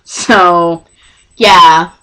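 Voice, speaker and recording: A young woman from Texas telling a storytime vlog, rambling and excitable, often cutting herself off mid-sentence. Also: lowish voice, very slow, smooth. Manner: rambling, self-interrupting, excitable. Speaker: vlogger.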